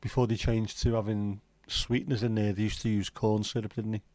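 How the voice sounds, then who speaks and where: A man's voice: lowish voice, level tone, a little fast, darkish tone, no echo. A man in his fifties hosting a livestream, chatting in laid-back banter with dry jokes and the odd swear. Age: 50s. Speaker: livestream host. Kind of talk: casual chat.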